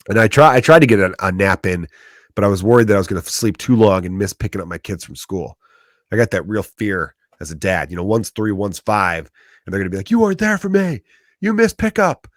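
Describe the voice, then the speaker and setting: A man's voice: lowish voice, no room sound, studio quality. A man in his thirties with a Chicago accent, a comedian hosting his podcast and ranting in a profane comedic monologue. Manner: profane, ranting, acts out quoted voices.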